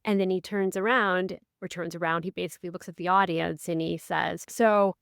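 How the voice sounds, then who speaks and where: A woman co-hosting a casual podcast, a life coach who tells stories with lively, acted-out quotes. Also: normal speed, vocal fry, clean tone, no echo, clean studio sound. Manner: animated storyteller, acts out quotes with big pitch swings.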